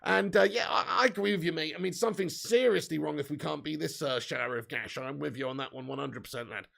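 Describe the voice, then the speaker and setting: A man hosts a live football watch-along. His voice sits high and is heavily gravelly and fried. He banters loosely with viewers and reads out their chat names and predictions. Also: quick pace, a bit bright. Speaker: fan channel host.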